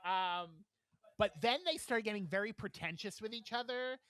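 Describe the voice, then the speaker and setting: Bright-voiced animated male podcast storyteller. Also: extremely high pitch, brisk, dry recording. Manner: animated storyteller, acts out quotes, laughs often. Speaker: podcast co-host. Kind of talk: casual chat, storytelling.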